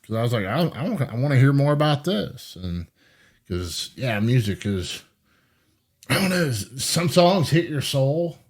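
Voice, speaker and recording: Male podcast host, medium pitch, halting and stumbling, video call. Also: big pitch swings, slightly rough. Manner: warm, halting, stumbles over his words. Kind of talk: casual interview on a video call.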